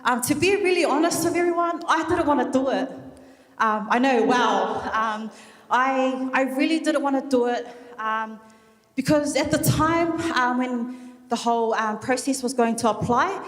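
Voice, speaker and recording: A woman from New Zealand giving a candid, emotional personal speech at a graduation ceremony, with many fillers and pauses. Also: high-pitched. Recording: echoey hall with long reverb.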